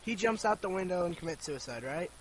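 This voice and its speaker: An excitable man loudly rambling through a joke as a gameplay commentator. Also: high voice, brisk, slight background noise. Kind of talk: casual joke-telling.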